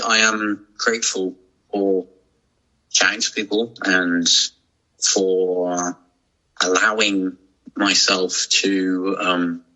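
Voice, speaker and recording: A man's voice: on the low side, pushed and bright, poor audio. A man, a podcast guest talking casually and reflectively, with many restarts and fillers. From England. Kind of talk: casual chat.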